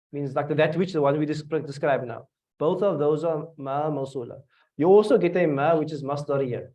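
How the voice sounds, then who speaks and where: Speaking in a fairly high, slightly mellow voice, a South African man leads a class through tafsir. He puts questions to his students and goes back over phrases as he explains, heard in a dull lo-fi recording made from across the classroom.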